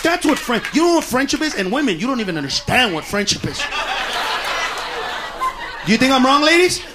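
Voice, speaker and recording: A male comedian with a very high, strained voice rants through a profane stand-up set. He shouts his punchlines and goads the audience. A roaring crowd and loud room noise fill the recording. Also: sing-song, brisk. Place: comedy club stage before a live audience.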